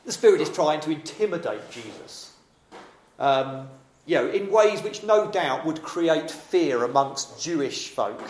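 A man's voice: fairly high pitch, animated, a little slow. A man preaching a sermon in a dramatic, emphatic yet conversational way. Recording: echoey room.

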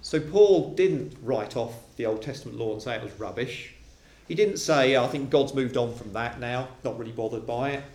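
A man preaching a sermon to a congregation, animated and acting out quoted voices. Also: medium pitch, normal speed. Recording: roomy echo of a hall.

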